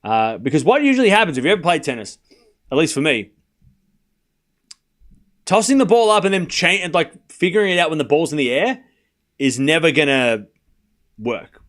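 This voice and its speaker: A man's voice: a little high, lively intonation, normal speed, long pauses, fairly bright tone. A man hosting a live tennis watchalong stream, calling points and chatting casually with his viewers. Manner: chatty, laughs often, talks to chat. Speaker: host.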